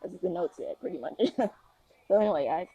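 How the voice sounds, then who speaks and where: A woman's voice: lowish voice, animated, brisk, warm tone, breathy edge, poor audio. A woman casually improvising a fan story, rambling with lots of fillers and restarts.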